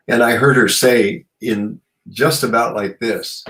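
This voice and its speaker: A man's voice: mid-range voice, takes it slowly, a bit bright, rough recording. A man talking as a guest in an interview, earnest and musing, often filling with "you know". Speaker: guest author and shamanic practitioner. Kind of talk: reflective interview conversation.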